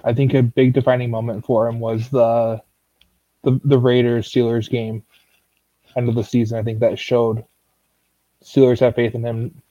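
A man's voice: medium pitch, little pitch movement, moderate pace, long pauses, mellow, dry recording, highs cut off. A man co-hosting a casual sports talk show, loose and a bit sarcastic, rambling as he talks. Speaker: co-host. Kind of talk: casual fantasy football chat.

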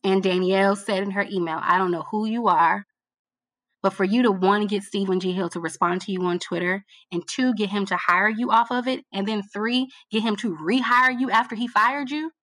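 A woman being interviewed about her work as a TV producer, telling her story in a casual, animated way and repeating phrases for emphasis. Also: mid-range voice, normal speed, no echo. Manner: colloquial, addresses listener as girl. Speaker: guest, TV producer.

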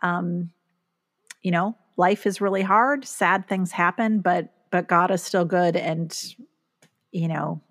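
A woman's voice: fairly low pitch, steady tone, slow, a bit bright. A middle-aged woman, a guest author, talking earnestly and reflectively in a casual podcast conversation, with plenty of fillers.

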